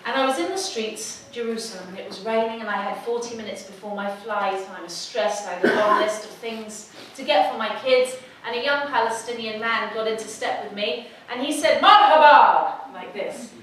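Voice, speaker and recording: A middle-aged woman tells a personal story with lively humor. Her voice sits fairly high. It is heard from a distance in an echoey hall with faint background noise. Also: a little fast, hardly any pauses. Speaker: speaker. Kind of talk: storytelling talk. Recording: echoey hall, mic from far off.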